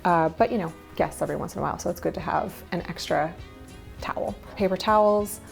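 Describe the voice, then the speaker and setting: A woman in her thirties, chatty and candid, lists the things she no longer buys in a relaxed vlog. Her voice sits fairly low, with quick asides and little laughs, and faint music plays underneath. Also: vocal fry. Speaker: minimalist lifestyle vlogger. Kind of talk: casual talking-head vlog.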